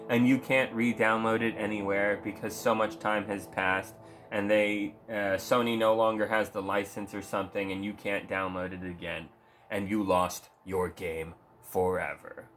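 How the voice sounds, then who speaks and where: A man's voice: fairly low pitch, level tone, moderate pace, a bit bright, slight background noise. A man ranting casually about video games, foul-mouthed and rambling, mocking what he talks about. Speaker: gaming vlogger. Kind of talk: profane casual rant.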